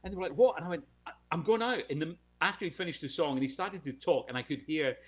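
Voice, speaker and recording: A man's voice: a little high, quick pace, slightly rough. A British man telling a showbiz anecdote in casual podcast chat, acting out the voices of people in his story. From United Kingdom.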